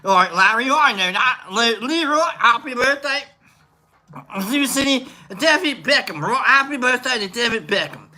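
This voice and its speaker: A man's voice: extremely high pitch, expressive, normal speed, sharp tone, voice pushed up, full character voice. A man doing a hammy, joking mock English-Australian accent while chatting to viewers on a livestream. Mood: jokey. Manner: joking, rambling, reading out viewer names.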